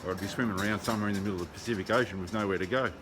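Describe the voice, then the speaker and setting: Over crowd noise, an Australian man races through his words in a fairly low, fairly even voice. He's walking and riding through the city for a casual video diary, blunt, swearing, and saying um often. It's captured on a handheld phone, with loud street noise throughout.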